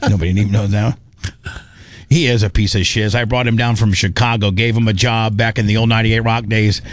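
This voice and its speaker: A man's voice: fairly low pitch, flat delivery, moderate pace, pauses often, no room sound. A man hosting a radio show in his studio, rambling and stammering through emotional casual banter. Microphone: studio microphone.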